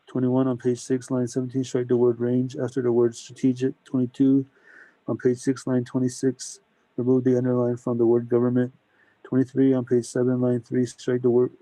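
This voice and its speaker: Male clerk type, formal reader, monotone delivery, mellow dark tone, dry sound. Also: mid-range voice, no room sound, rough recording. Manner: steady, methodical list reading. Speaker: council staff reading amendments. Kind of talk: formal reading into the record.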